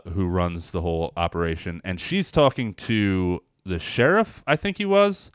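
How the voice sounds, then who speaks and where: A man with a low, smooth voice chats loosely on a movie podcast, piling up fillers and casual swearing. He retells scenes with animated bursts, and the sound is close and dry. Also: normal speed, no room sound. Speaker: podcast co-host reviewing films. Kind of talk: casual chat.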